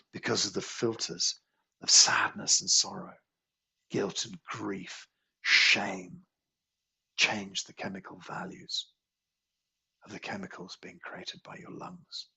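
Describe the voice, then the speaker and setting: A man teaching a qigong healing class, guiding a slow, soothing meditation with repetitive phrasing. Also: low-pitched, creaky, bright, forceful tone, breathy edge.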